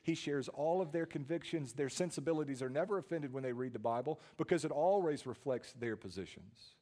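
A man, preaching a sermon with dynamic swings from hushed tones to loud emphasis and frequent repeated words. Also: fairly high pitch, brisk. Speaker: pastor.

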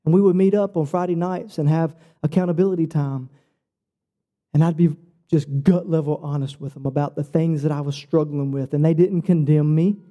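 A man's voice: moderate pace, dull audio. A man preaching a sermon, telling his own story earnestly and personally. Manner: earnest, personal storytelling with lively shifts in pitch.

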